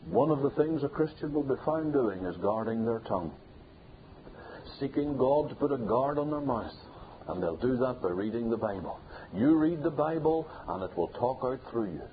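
A man preaches with insistent repetition, his voice climbing to forceful loud peaks. The sound is thin and phone-like, with a faint hiss underneath. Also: medium pitch, animated, normal speed. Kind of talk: sermon.

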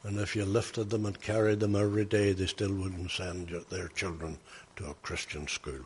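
A man's voice: low voice, flat delivery, normal speed, darkish tone, husky, long reverb tail. An older man, preaching by telling stories in a folksy, anecdotal way that rises to emphatic bursts. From Northern Ireland. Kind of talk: sermon storytelling.

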